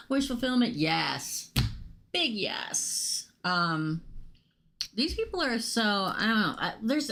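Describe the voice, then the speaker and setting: Hosting a relaxed live tarot reading, a woman whose voice is giving out chats excitedly with viewers, greeting them by name. Her voice is deep, with vocal fry.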